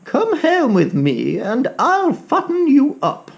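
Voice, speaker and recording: High fussy old lady, done by a man, kindly, storybook, slow, sing-song. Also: huge pitch swings, gravelly, heavily acted. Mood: fussing.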